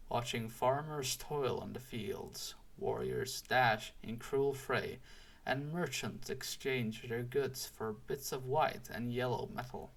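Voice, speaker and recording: Slow, gravelly male storybook reader. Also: mid-range voice. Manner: slow, deliberate and expressive. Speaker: audiobook reader. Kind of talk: storybook read-aloud narration.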